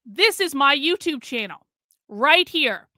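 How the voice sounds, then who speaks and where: Angry woman streamer ranting and cursing, sharp bright voice, dry close sound. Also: high voice, lively intonation, slow pace, dry recording. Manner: furious, swearing, repeating herself. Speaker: live streamer. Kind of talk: angry live stream rant.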